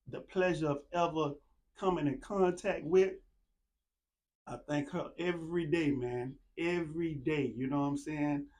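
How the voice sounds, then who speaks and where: A laid-back man hosts his own show, talking in a loose, easygoing monologue. His voice sits a little high for a man. He leans on "man" and "you know what I'm saying" over and over, like he's talking to friends. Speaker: podcast host. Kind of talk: casual monologue with shout-outs.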